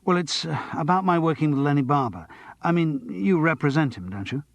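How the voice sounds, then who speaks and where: A man's voice: fairly high pitch, expressive, a little fast, gravelly, dry recording, pitched above the performer's own voice. A man voicing a middle-aged male actor who speaks politely and with hesitation.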